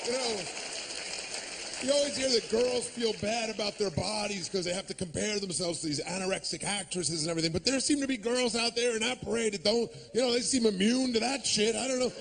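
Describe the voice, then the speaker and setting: A man with a high, gravelly voice does stand-up on a club stage. He rants with biting sarcasm and bursts into shouted street voices for his bits. A faint hiss sits under his handheld mic. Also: a little fast. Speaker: stand-up comedian. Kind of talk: stand-up routine.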